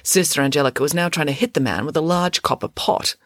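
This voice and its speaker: A woman narrating a storybook in a lively, expressive reading voice. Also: low-pitched, fast talker, no room sound, studio quality. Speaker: audiobook narrator.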